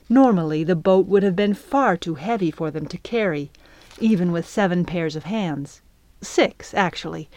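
A woman narrating a children's adventure audiobook in a measured, even storytelling manner. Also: on the low side, dry recording. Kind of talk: scripted narration.

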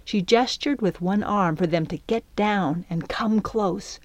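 A woman narrating a children's adventure audiobook in a measured, even storytelling manner. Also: medium pitch. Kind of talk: scripted narration.

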